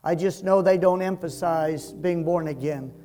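A man preaching a sermon as pastor, slow and emphatic, rising to loud peaks and dropping to soft, quiet passages. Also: a little high. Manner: slow, emphatic preaching that swells and drops in loudness.

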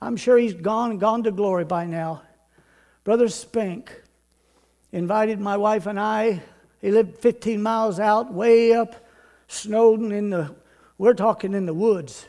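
High-voiced older man preaching. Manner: builds to loud emphatic repetition, then drops to quiet storytelling. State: out of breath. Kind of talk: sermon.

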